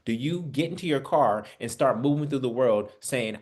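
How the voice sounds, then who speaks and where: Guy teaching bible study, chatty preacher style, keeps asking questions, mid-pitched voice. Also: animated, moderate pace, darkish tone. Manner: conversational preaching, addresses listeners as family, rhetorical questions. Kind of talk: spiritual teaching. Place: online Bible study session.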